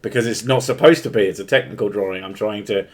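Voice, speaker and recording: A man's voice: fairly low pitch, fast talker. Blunt, sweary man chatting. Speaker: streamer. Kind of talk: casual stream chat.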